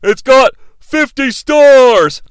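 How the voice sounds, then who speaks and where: A podcast host impersonating a blustering, loud middle-aged male wrestler, speaking slowly and indignantly. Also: very high voice, animated, clean tone, no echo, voice pushed up, full character voice. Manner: slow, bellowing and indignant.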